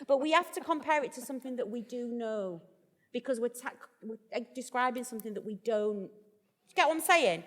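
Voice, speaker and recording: A woman's voice: fairly high pitch, lively intonation, fairly quick, long reverb tail. A woman vicar as the guest in a live stage conversation, chatty, jokey and self-deprecating. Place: festival event hall.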